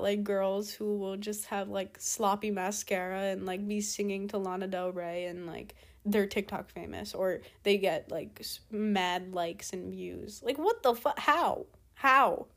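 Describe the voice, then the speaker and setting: A teenage girl talking alone in a casual monologue, ranting and exasperated, firing off rhetorical questions and swearing. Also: medium pitch. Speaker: podcast host.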